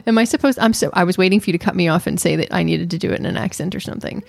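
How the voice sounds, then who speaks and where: A woman's voice: lowish voice, racing, gravelly, no room sound. A woman co-hosting a podcast, chatting casually and with playful insistence as she reviews a series. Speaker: podcast co-host.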